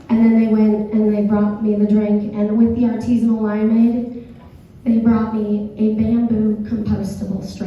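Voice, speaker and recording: A hoarse woman comedian doing a stand-up set, talking with the crowd in a self-deprecating, conversational way. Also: on the high side, steady tone, normal speed, dark tone. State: hoarse, dry throat. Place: theater stage. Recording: echoey theater, far from mic, dull.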